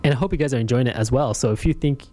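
A man's voice: mid-range voice, rapid-fire, mellow. A male radio host talking casually and meandering as he tells urban legends in a radio studio. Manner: laid-back, meandering storytelling.

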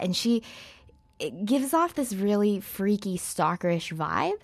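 A woman's voice: medium pitch, sing-song, unhurried. A woman chatting casually as an interview guest, talking about films with lots of fillers and hedges. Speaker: guest film reviewer.

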